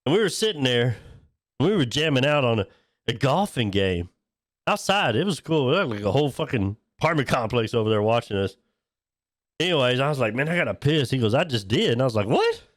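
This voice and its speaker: Speaking fairly quickly in a medium-pitched voice, this podcast co-host spins profane, crude stories in casual chat, repeating himself to push his point and repeatedly saying "listen." The recording is dry and studio quality.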